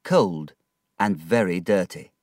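A man reading a storybook aloud in a measured, plain narration. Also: low-pitched, a little mellow, dry recording, studio quality.

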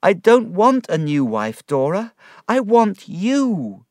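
A man's voice: fairly high pitch, animated, slow, a little mellow, dry recording, studio quality, pitched above the performer's own voice. A man voicing a loving young husband who speaks in an emotional, pleading way.

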